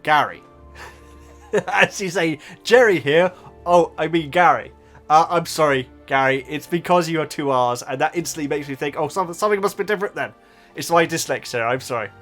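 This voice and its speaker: A man's voice: fairly high pitch, fairly quick, a bit bright, faint music behind. A man chatting casually as a YouTuber answering viewer comments, often stumbling and correcting himself. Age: adult. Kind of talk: casual reaction chat.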